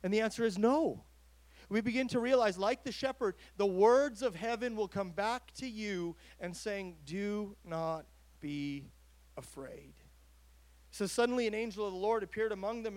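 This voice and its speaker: High-voiced man preaching a sermon. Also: moderate pace, no echo. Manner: conversational preaching, rising to emphatic calls. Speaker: pastor.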